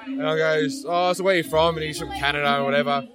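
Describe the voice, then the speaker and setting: Rambling, slightly high-voiced man. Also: fairly even intonation, quick pace. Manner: rambling, swears freely. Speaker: guest. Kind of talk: casual storytelling.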